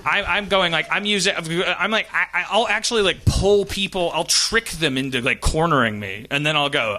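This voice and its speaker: A man's voice: high voice, moderate pace, hardly any pauses, sharp tone. A man hosting a live podcast, rambling and profane, mocking himself as he talks. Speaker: podcast host. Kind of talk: live podcast banter on stage.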